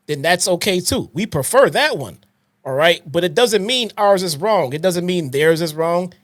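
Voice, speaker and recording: A man co-hosts a podcast and lectures emphatically, peppering his points with swearing. His voice sits fairly high. The recording is dry and close, with no room sound. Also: no echo. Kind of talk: heated podcast rant.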